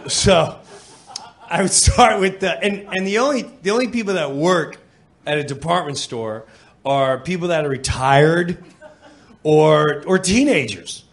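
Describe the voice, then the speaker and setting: A middle-aged man from New York telling a stand-up story on stage, animated and quick to slip into voices. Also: on the high side. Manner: animated, jumps into voices, laughing asides. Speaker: comedian. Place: comedy club stage.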